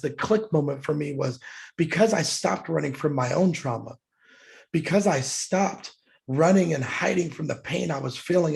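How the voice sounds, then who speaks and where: A man's voice: fairly high pitch, vocal fry. A middle-aged man, a podcast guest, telling a personal story in an earnest, heartfelt way, getting emotional as he speaks.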